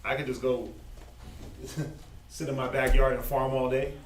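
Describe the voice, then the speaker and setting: A man teaching a Bible study in a loose, slangy, animated way, laughing often. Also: mid-range voice, a little slow. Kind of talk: informal preaching. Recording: echoey, distant, faint noise.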